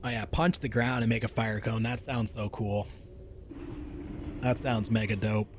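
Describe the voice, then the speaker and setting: Excited casual gaming streamer man. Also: fairly low pitch, unhurried, a little hiss or hum. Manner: enthusiastic, slangy, loose rambling. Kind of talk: casual gameplay commentary.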